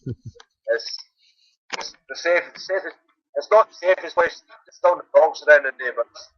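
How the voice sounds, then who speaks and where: A man's voice: on the high side, brisk, dry recording, highs cut off. A man calling into a phone-in, chatting casually and often adding "like" and "you know what I mean". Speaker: caller.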